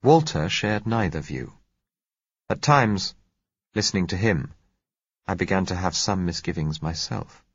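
A man narrating an audiobook in a measured, reflective way. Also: deep voice, animated, husky, no room sound. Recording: muffled lo-fi recording.

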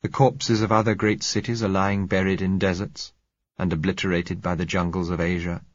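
A man narrating a novel in first person, in a measured, reflective way. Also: low voice, little pitch movement, dry recording, highs cut off. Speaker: audiobook narrator.

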